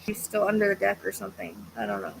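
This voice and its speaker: A woman's voice: medium pitch, very animated, quick pace, vocal fry, a little hiss or hum, low-quality recording. A woman hosting a psychic livestream, chatting casually in a tired, hesitant, rambling way with many fillers, yawning at times. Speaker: psychic medium livestream host. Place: at home with a fan running.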